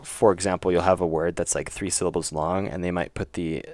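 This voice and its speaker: A man streaming his indie game work, chatting casually and thinking aloud, with jokes and quick self-corrections. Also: low voice, fairly even intonation, darkish tone, dry recording. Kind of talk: casual livestream chat while working.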